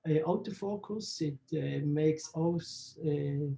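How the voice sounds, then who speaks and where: Man, slow unhurried talk, gravelly warm voice, halting English. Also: fairly high pitch. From Switzerland. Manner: halting non-native English, searching for words. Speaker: photographer interviewee. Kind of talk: interview answers.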